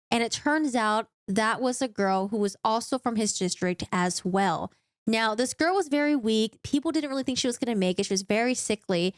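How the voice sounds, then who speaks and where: Chatty woman with a higher voice. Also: fairly quick, dry recording, studio quality. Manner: chatty, with frequent asides and filler. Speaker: streamer recapping a book. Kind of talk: casual story recap.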